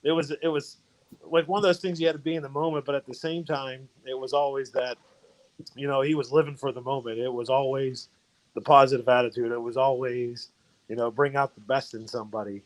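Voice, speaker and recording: A man reminisces in a loose, rambling way on a video call, circling back with fillers and restarts as he tells his story. His pitch and tone sit in the everyday middle range for a man. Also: steady tone, a little fast, poor audio. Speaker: fraternity brother sharing memories. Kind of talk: casual storytelling.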